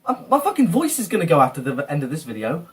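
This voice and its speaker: Brief: male reactor, fed-up sweary rant, very animated pitch, slightly distant mic. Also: fast. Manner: exasperated, repeatedly insulting and swearing. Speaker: video reactor. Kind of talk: ranting reaction commentary.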